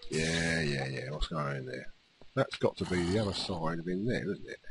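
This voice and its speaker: A man's voice: low voice, wildly swooping pitch, moderate pace, gravelly, a bit bright, a little hiss or hum. A man giving casual, chatty commentary while he plays a game, teasing the monsters as he goes. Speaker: let's play host.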